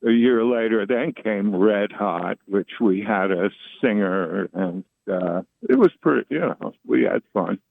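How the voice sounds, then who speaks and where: A man's voice: fairly low pitch, vocal fry, no echo. A man in his sixties, a guest musician, telling stories in an easygoing way during a casual interview chat, heard over a video call. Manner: slow, easygoing storytelling. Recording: tinny phone-like call audio.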